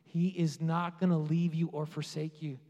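A man preaching a sermon with passion, rising to loud peaks and dropping to quiet asides. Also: a little high, flat delivery, moderate pace. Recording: long hall reverb.

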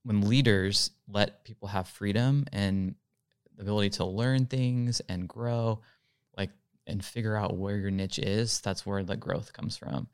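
A man, a podcast guest, telling his career story in a relaxed, casual way with lots of "like" fillers. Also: lowish voice, a little slow, clear, resonant tone, no echo, clean studio sound. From California. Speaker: podcast guest, real estate marketing director.

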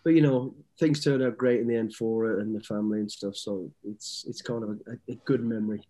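Man, fifties, warm dark voice, relaxed rambling storyteller, interview guest. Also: lowish voice, brisk. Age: 50s. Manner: easygoing, rambling anecdotes with many restarts.

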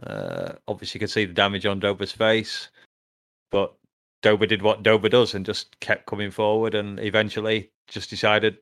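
Man, low voice, dry close sound, laid-back, laughs easily. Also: expressive, moderate pace, creaky, a bit bright, dry recording. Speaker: podcast co-host. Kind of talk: casual chat.

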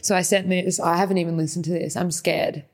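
A woman's voice: on the low side, flat delivery, a little fast. A young woman co-hosting a podcast, telling a long story in a rambling, casual way, full of "like" and swearing. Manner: rambling, swears often, lots of "like". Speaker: podcast co-host.

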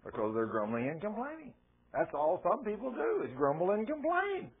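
A man preaching a sermon, telling Bible stories in a folksy, animated way. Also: high-pitched, normal speed, a crowd in the background. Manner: folksy, animated storytelling with laughs. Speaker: pastor. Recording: tinny phone-like sound.

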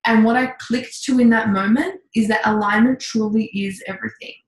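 A woman coach telling a candid personal story in a casual, lively way, with mild swearing. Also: fairly high pitch, brisk, roomy sound, rough recording. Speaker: intuitive coach, podcast guest.

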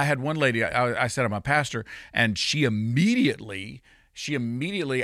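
A man's voice: mid-range voice, a bit bright. A male pastor delivers a sermon in a mid-range voice. He talks in a loose, conversational way, stumbling over restarts, then pushes up into emphatic peaks. The sound is dry and close, with no room echo. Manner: conversational preaching with frequent restarts and sudden emphatic rises.

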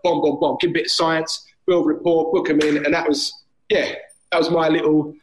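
With a slightly high voice at an ordinary pace, a man chats on a podcast about life as a personal trainer and gym owner, acting out gym banter in lively stories. The low-quality recording was made outdoors on a street, with faint street noise behind.

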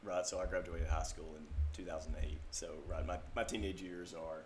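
A man's voice: low voice, fairly even intonation, brisk, a little hiss or hum. A man in his thirties with a Southern US accent, chatting casually as a podcast co-host and telling rambling stories. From Mississippi, US. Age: 30s. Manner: rambling storyteller, heavy on filler "like". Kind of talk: casual chat.

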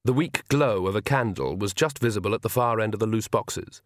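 A man's voice: on the low side, fairly quick, hardly any pauses, no echo. Man narrating an audiobook, dry sound. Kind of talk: scripted narration.

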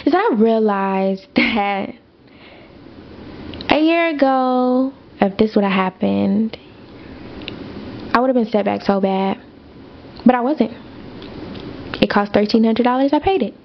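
Gravelly-voiced woman podcaster, candid chat. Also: fairly high pitch, unhurried, long pauses, muffled recording, a little hiss or hum. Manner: candid, chatty, many fillers and asides to listeners. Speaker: podcast host. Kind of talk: personal storytelling chat.

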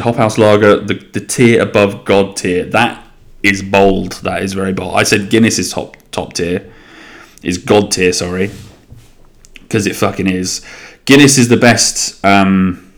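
A young man from England hosting a casual solo podcast, chatty and rambling, swearing freely and restarting his sentences. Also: low voice. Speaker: podcast host.

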